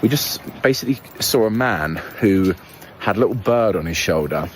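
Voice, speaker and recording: A British man with a fairly low voice rambles easily to camera, filling pauses with ums and uhs. He is outside, and clear ambient noise hangs around him. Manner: relaxed, rambling with many fillers. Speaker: travel vlogger. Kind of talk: casual travel talk to camera. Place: outdoors in a small town.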